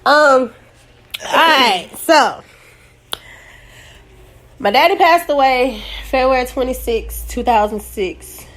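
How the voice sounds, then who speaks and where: A woman's voice: high voice, slow, long pauses, fairly bright tone. Woman host, laughing through grief. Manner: joking while holding back tears; casual, rambling, self-correcting. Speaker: podcast host. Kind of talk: casual podcast chat.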